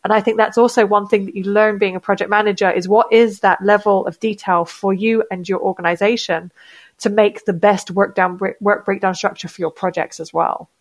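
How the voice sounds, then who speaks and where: A woman's voice: medium pitch, fairly even intonation, a little fast. A woman working as a project manager talks in a casual podcast conversation. She is thoughtful and sprinkles her points with "you know" fillers.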